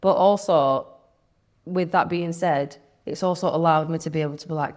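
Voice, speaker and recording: A woman's voice: low voice, normal speed, a little mellow. A young woman, talking candidly as an interview guest, chatty, with lots of "like" and quoted thoughts.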